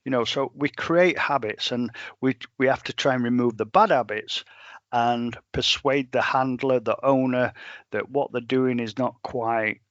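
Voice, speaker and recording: A middle-aged man, a dog trainer telling stories in a plain-spoken, animated way. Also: mid-range voice, a little slow, no room sound, lo-fi sound. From England. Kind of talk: storytelling in a podcast interview.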